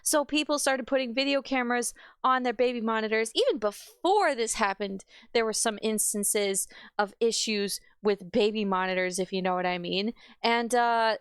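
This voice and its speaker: A woman's voice: on the high side, normal speed, few pauses, smooth, dry recording. A woman hosting a reaction video, ranting with sarcasm and frequent swearing. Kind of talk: ranting commentary.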